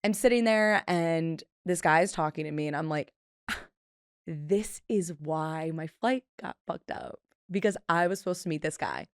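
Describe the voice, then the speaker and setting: Chatty young woman with a low voice. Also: moderate pace, smooth, no room sound, studio quality. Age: 20s. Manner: chatty, self-deprecating, acts out quotes. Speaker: podcast host. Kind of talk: casual solo podcast storytelling.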